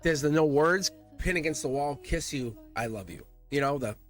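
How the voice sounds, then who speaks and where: A man giving a casual tarot reading to camera in an animated, rambling way, talking to his cards and laughing now and then. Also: fairly high pitch, moderate pace, soft background music. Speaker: tarot reader.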